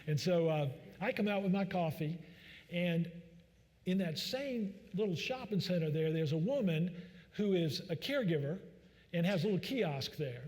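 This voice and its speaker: Man, doctor giving a talk, somewhat high voice, folksy and joking, long hall reverb. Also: expressive, normal speed, a little mellow. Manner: folksy, joking, many fillers. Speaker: physician speaker. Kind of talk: public talk with anecdotes. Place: large church hall.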